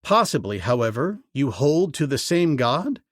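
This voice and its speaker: A man's voice: medium pitch, big pitch swings, moderate pace, no echo, studio quality, voice pushed down, lightly acted. A male audiobook narrator voicing a commanding jungle hero who keeps the peace, firm in manner. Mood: diplomatic.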